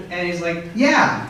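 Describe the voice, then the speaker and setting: A young man doing a stand-up set in a comedy club, telling stories in a deadpan way and jumping high for quoted outbursts. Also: slight background noise. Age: young adult. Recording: echoey club from far off.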